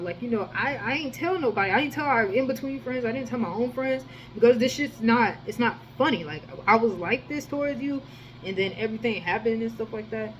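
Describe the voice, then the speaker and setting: A woman telling a rambling personal story in a casual, profane monologue, with sudden jumps in loudness. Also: on the high side, fairly quick, a little hiss or hum, rough recording. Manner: rambling, slangy and profane, with many restarts. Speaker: storyteller vlogger.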